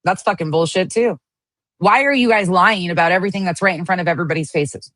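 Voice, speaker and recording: A woman's voice: fairly low pitch, quick pace, a bit bright, dry recording. A woman giving heated livestream commentary, ranting angrily and swearing often. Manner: angry, profane ranting. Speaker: online drama commentator.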